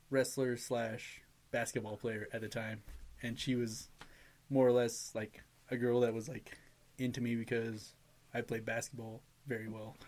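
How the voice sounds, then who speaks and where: A young man co-hosting a casual podcast chat, telling stories animatedly, laughing often and swearing freely. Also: mid-range voice. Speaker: podcast co-host.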